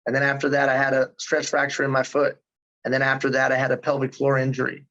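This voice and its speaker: A man's voice: medium pitch, monotone, fast, sharp tone, highs cut off. A man in his fifties telling his story in a casual interview, earnest and emphatic. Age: 50s. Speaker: guest.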